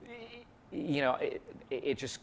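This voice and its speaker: A man being interviewed as a guest, a comedian and mentalist telling lively anecdotes in casual chat and laughing easily. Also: mid-range voice, normal speed. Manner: animated storyteller, laughs easily.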